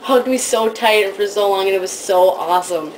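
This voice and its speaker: Woman vlogger, casual storytelling, gushing and excitable, squeaky quoted voices, faint background noise. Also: brisk, low-quality recording.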